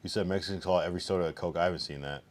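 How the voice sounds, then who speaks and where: Deep-voiced profane male streamer. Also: fairly even intonation, rapid-fire. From East Coast of the US. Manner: profane, loose, chatting to live chat. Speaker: livestreamer. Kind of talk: casual livestream chat.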